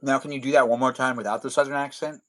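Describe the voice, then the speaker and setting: A man hosts a loose live stream chat at an ordinary middle pitch. He rambles, restarts his thoughts and keeps repeating his own pet phrases. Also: fairly even intonation, fast, a bit bright, poor audio.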